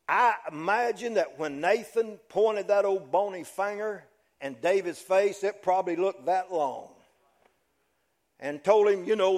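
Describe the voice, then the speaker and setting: A preacher delivers his sermon as a dramatic story. His voice is higher than usual for a man, and he takes his time, swinging from loud to hushed. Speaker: pastor.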